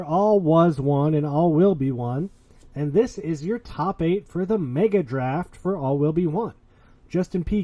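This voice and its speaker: A man's voice: fairly high pitch, dark tone. A man hosting a casual podcast, talking in a boastful, hyped-up, playful way. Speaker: podcast host.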